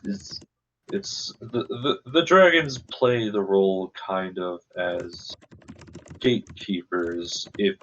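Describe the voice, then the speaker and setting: A man running a tabletop game as game master, narrating hesitantly with many pauses and fillers. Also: low voice, fairly bright tone. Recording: dull lo-fi mic.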